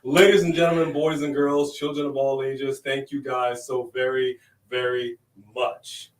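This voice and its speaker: A man hosting a casual livestream, giving playful, hyped shout-outs to viewers. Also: mid-range voice, completely flat delivery, unhurried, reverberant, recorded from a distance, rough recording. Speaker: host.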